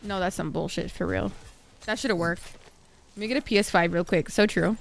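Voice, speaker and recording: A woman's voice: fairly low pitch, brisk, creaky, noisy background. A young woman streaming a video game, chatting playfully with viewers and swearing freely. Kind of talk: casual gaming commentary.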